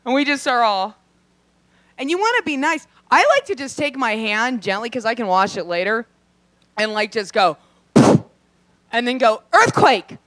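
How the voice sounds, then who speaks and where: A young adult woman performing a brash, profane stand-up set, acting out quick voices in her asides. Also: a little high, lively intonation, fairly bright tone, dry recording. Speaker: stand-up comedian. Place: comedy club stage.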